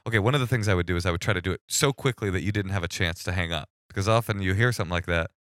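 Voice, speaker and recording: A man tells a story on a podcast and keeps jumping into the voices of the people in it. His voice is bright, forceful and crisp. The sound is dry, as if right up against the mic. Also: deep voice, racing, no echo. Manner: animated storyteller acting out both sides of calls. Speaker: podcast guest. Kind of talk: storytelling in casual chat.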